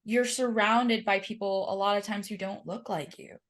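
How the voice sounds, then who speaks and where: A woman's voice: medium pitch, steady tone, moderate pace. A woman hosting a podcast, telling stories conversationally with many filler words. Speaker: podcast host. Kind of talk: conversational interview chat.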